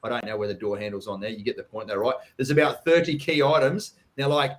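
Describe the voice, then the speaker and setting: A man's voice: medium pitch, level tone, quick pace, hardly any pauses. Blunt, sweary Australian man. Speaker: property coach hosting a live Q&A. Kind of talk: casual live-stream chat.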